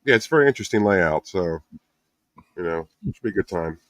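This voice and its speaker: A man's voice: low voice, expressive, fast talker, no echo. A man co-hosting a casual podcast, rambling with many restarts and chuckles. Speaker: podcast co-host. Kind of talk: casual chat.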